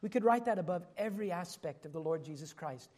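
High-voiced man preaching a sermon. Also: animated, quick pace, a little mellow. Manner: earnest preaching with dramatic quoted voices and sudden whispers. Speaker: pastor.

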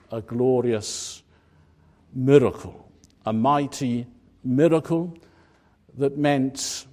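Male preacher, sermon storytelling, slow and measured, warm mellow tone, emphatic on key words. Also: medium pitch.

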